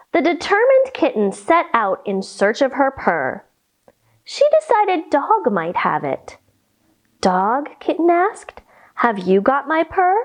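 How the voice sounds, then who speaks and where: A woman yoga instructor leading a children's yoga storytime, reading a picture book in a gentle, playful, instructive way. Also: on the high side.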